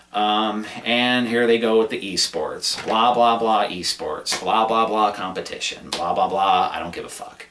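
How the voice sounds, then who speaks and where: A man's voice: fairly low pitch, a bit bright, reverberant, far from the mic, slight background noise. A man giving a casual, rambling recap of a gaming event, sarcastic and prone to cursing. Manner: sarcastic, profane, rambling rant. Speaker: gaming commentator.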